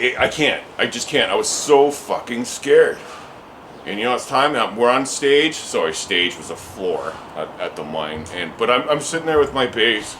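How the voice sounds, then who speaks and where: A man's voice: medium pitch, fairly bright tone, slight background noise, rough recording. A man, a musician telling a story in an interview, rambling with many restarts and casual swearing. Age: 40s.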